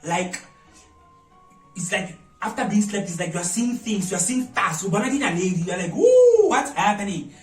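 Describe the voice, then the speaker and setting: A South African man spins a dramatic story, bursting into loud exclamations. His voice sits a touch high and sounds echoey, as if he is standing back from the mic. Faint music plays underneath. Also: a little fast, far from the mic. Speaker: vlogger. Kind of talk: storytime vlog. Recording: roomy echo, voice away from mic, faint music.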